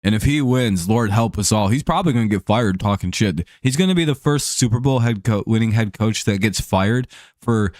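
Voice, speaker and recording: A man's voice: lowish voice, a little fast, a little mellow, dry recording, clean studio sound. A young man casually talking sports on a livestream, rambling and swearing with lots of fillers and restarts, answering viewers by name. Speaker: streamer hosting a sports chat show.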